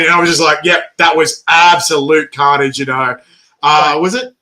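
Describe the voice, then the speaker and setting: A man interviewing a guest in casual chat, telling animated stories and laughing often. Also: fairly high pitch, brisk.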